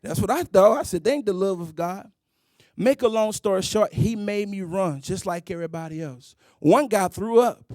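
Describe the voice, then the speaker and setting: A man's voice: high-pitched, big pitch swings, moderate pace, a little mellow, no echo, clean studio sound. A middle-aged man preaching a sermon, emphatic and sing-song, calling out exclamations.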